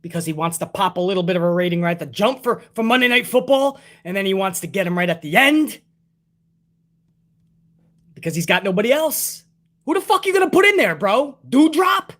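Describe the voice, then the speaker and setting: Young adult male reviewer, high voice, profane and sarcastic ranting delivery. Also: a bit bright. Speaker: wrestling show reviewer.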